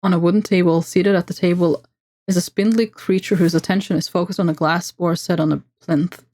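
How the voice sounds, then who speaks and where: A woman streamer reading a text adventure game aloud, with playful asides and brisk narration. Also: on the low side, steady tone, mellow.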